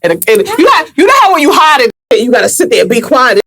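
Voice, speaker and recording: A woman hosting a casual family chat show, loud, joking and teasing. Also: high-pitched, big pitch swings, fast. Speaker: host.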